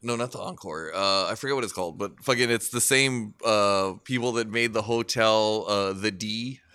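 A man's voice: fairly low pitch, normal speed, sharp tone, smooth, no echo. A man chatting casually on a podcast, swearing a lot, laughing often and telling stories with energy. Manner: profane, laughs often, tells stories animatedly. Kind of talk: casual chat.

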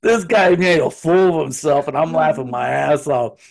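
A man's voice: on the high side, moderate pace, vocal fry. A man casually telling a workplace story, swearing freely and acting out what people said. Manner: profane, animated, acts out quotes. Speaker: podcast co-host telling a story.

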